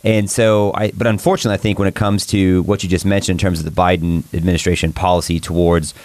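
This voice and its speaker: A man's voice: deep voice, level tone, quick pace, a little mellow, no echo. A man giving commentary on a political talk show, rambling and correcting himself with a laugh. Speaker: guest commentator.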